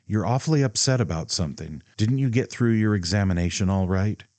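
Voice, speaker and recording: A man voicing a spirited young woman who teases gently in a light, raised voice. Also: lowish voice, fairly quick, dry recording, close to an everyday voice. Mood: teasing.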